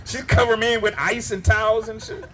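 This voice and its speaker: A man's voice: high voice, level tone, brisk, a bit bright, a little hiss or hum. A male stand-up comedian doing a live set, telling loose, profane stories full of asides. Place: live comedy show at a winery.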